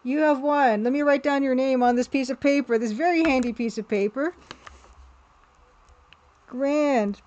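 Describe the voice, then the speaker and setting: A woman's voice: high-pitched, moderate pace, long pauses, a little mellow, highs cut off. A woman livestreaming as an artist, chatting casually and playfully, with easy laughter. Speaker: livestreaming artist and game developer.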